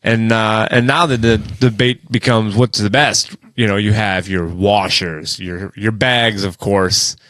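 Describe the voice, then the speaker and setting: A man's voice: lowish voice, fairly even intonation, a little slow, hardly any pauses, a bit bright, no echo. A man co-hosting a podcast in casual chat, jokey and often quoting others in playful voices. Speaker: podcast co-host.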